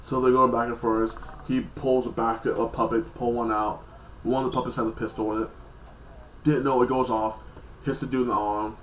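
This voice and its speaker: A man's voice: medium pitch, level tone, normal speed, reverberant, slight background noise, low-quality recording. A man casually recapping a TV episode in a rambling, loose way, with heavy use of filler words. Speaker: TV episode reviewer.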